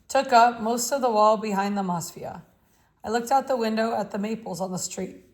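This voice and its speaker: Woman reading a novel aloud. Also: medium pitch. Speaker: audiobook reader.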